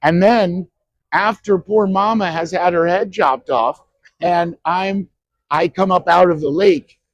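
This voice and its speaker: A man around sixty telling stories from his acting past in an interview, animated and quick to act out what others said. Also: sits high, no room sound, lo-fi sound. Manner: animated, acts out quoted voices, frequent restarts. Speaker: actor guest at a horror convention. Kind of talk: anecdotal interview storytelling. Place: convention interview.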